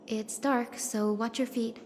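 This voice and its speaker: A woman's voice: a little high, fairly even intonation, takes it slowly, a little mellow, in a large hall, slight background noise. An actress playing a curious young female video game companion who explains things to the player in an earnest tone. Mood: explaining. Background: game music.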